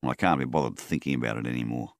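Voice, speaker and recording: A man's voice: very deep voice, quick pace, creaky, dry recording, studio quality. A man doing a cold, bitter war veteran. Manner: hard, clipped, spitting.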